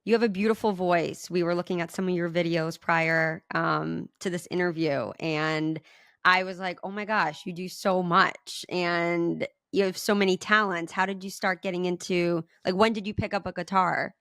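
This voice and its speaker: A woman from Rhode Island co-hosts a casual interview, gushing with enthusiasm as she asks questions. Her voice sits low, and the sound is dry with no room echo. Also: steady tone, normal speed, fairly bright tone, smooth. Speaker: co-host.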